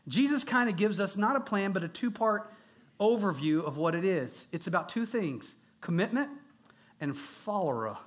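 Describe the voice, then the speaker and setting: A male pastor delivers a sermon with an unusually high-pitched voice. He speaks with earnest emphasis, piling up repeated phrases to drive his points home to a room of men. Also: expressive, moderate pace. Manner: earnest, emphatic preaching with rising intensity and repetition. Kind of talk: sermon to a men's gathering.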